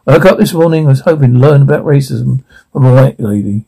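A man's voice: medium pitch, lively intonation, quick pace, vocal fry, warm tone, husky, rough recording. An actor playing a sardonic male store worker in a sitcom, talking in a dry, sarcastic way. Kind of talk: sitcom acting.

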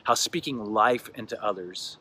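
Male pastor, casual sermon delivery, bright tone, slightly low pitch. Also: moderate pace, a little hiss or hum. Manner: conversational, with filler words and restarts. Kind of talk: sermon reading scripture.

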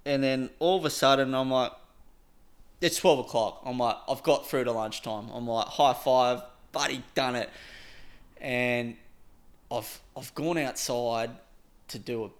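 A man's voice: mid-range voice, unhurried. A young man casually telling a story on a podcast, rambling with lots of "like" and frequent laughs.

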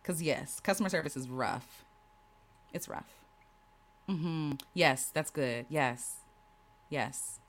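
A woman's voice: low-pitched, animated, takes it slowly, pauses often. A woman hosting a casual livestream, reading viewers' comments aloud and answering them with affirmations and laughter. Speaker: host reading live chat.

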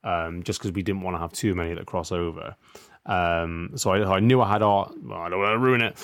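A man's voice: sits low, steady tone, a little fast, no room sound, studio quality. A young man co-hosting a podcast, chatting casually about football, swearing freely and often asking "do you know what I mean.". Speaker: podcast co-host.

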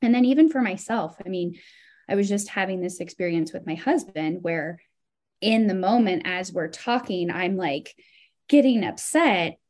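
A woman talking as a podcast guest in casual chat, animated and expressive, her pitch swinging up when she recounts feelings. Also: moderate pace.

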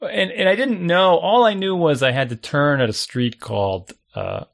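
A man casually telling a long story, animated, acting out his own thoughts and chuckling often. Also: a little high, moderate pace, vocal fry. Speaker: storyteller guest.

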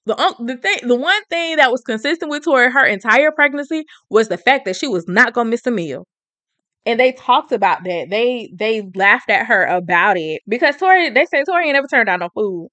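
Woman, chatty, slangy, book recap, slightly high voice, dry close sound. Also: a little fast, no echo. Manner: chatty, slangy, animated retelling with frequent "she was like". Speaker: book reviewer. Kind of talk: casual story recap.

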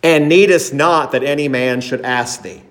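A man's voice: medium pitch, normal speed, fairly bright tone. A man preaching a sermon as pastor, emphatic, acting out the disciples' words in a raised voice.

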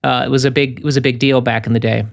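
A man's voice: mid-range voice, level tone, quick pace, gravelly. A man co-hosting a podcast, chatting casually in an easygoing, rambling way and often correcting himself mid-sentence. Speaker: podcast co-host.

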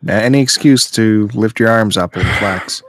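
A man's voice: on the low side, moderate pace, no echo. A man hosting a casual podcast chat, bantering and teasing his co-host with dry humor.

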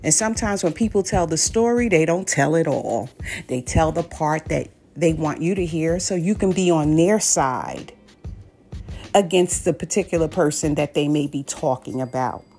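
A woman's voice: sits low, normal speed, a little mellow, faint music behind. A woman hosting a faith-based podcast, telling a personal story in a chatty way and then preaching firmly to listeners. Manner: conversational, anecdotal, then preachy and emphatic. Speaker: podcast host.

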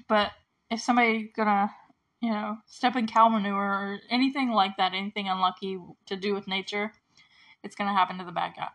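A woman's voice: medium pitch, steady tone, a little fast, a bit bright. A woman casually recapping a movie, chatty and giggly, full of filler words and acting out the characters' lines.

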